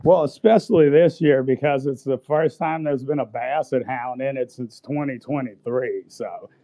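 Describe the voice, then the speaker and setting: A man's voice: medium pitch, normal speed, warm tone. A man, joining a casual chat as a guest and talking eagerly. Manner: eager, enthusiastic.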